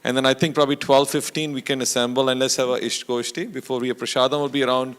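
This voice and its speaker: Fast-talking man making announcements. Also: medium pitch, level tone, fairly bright tone, smooth. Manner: fast, loose announcing with fillers. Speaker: event organizer. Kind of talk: announcements to a gathering. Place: temple hall.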